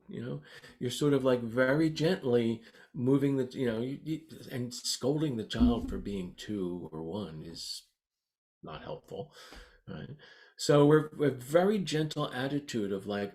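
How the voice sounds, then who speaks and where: A man teaching meditation in a gentle, unhurried, conversational dharma talk. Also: medium pitch, animated.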